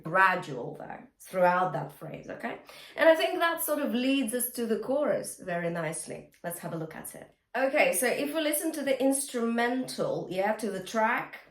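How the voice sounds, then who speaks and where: A woman's voice: mid-range voice, reverberant. A woman teaching a singing lesson, explaining technique and singing short demonstration lines, often checking in with the listener. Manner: encouraging, checks in with okay and all right. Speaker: vocal coach.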